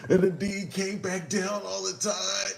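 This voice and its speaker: Slow-talking man rambling on a livestream. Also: vocal fry, a little hiss or hum. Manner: slow, drawn-out delivery with sudden animated jumps in pitch. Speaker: rapper hosting a livestream show. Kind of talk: rambling livestream talk to chat.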